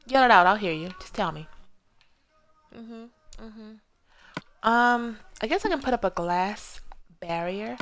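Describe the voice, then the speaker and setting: A woman in her thirties chats loosely to her live viewers while building in a game. Her voice carries a gravelly, creaky edge and sits at an ordinary middle pitch. She drifts from her build into long, meandering stories about her past. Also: lively intonation, a little slow, pauses often, a bit bright. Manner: rambling, chatty storytelling, talks to viewers. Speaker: game streamer. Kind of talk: casual live-stream chat while building.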